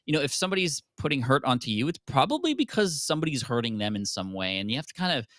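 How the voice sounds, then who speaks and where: Offener Mann, erzählt trocken ins Mikro. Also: male voice, medium pitch, very animated, fairly bright tone, no echo, studio quality. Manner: open, candid, quick storytelling with restarts. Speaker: podcast guest. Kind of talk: casual interview storytelling.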